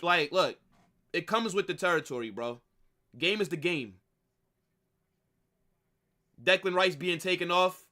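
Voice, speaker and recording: Young lad, bright sharp voice, frustrated watch-along host venting. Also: male voice, high-pitched, unhurried, long pauses. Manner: frustrated, ranting, repetitive. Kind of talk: live football watch-along reaction.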